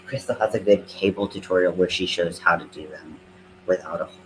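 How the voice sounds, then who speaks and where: A man's voice: deep voice, fast talker, fairly bright tone, a little hiss or hum, low-quality recording. A man with a Southern American accent, chatting casually and rambling with lots of fillers while he crochets on a live stream. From Southern United States. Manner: rambling, filler-heavy, self-deprecating.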